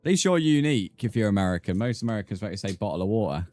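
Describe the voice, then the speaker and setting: A British man with a low voice chats easily with his viewers while he plays a game live. He banters and thanks new followers between tasks. Soft music plays faintly behind him. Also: big pitch swings, rapid-fire, no echo. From Britain. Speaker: streamer. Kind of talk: casual live-stream chat while gaming.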